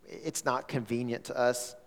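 A man's voice: medium pitch, fairly even intonation, measured pace, voice pushed down, lightly acted. A man voicing an indifferent Chinese fisherman within a sermon story, answering curtly with offhand drawled interjections, in a long-echoing hall. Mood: dismissive. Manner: offhand and dismissive, with drawled "eh" and "nah".

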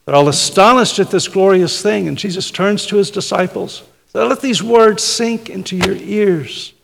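A man's voice: high-pitched, normal speed, vocal fry. A man preaching a conversational sermon, often tagging his points with "right?". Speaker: pastor. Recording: hall reverb.

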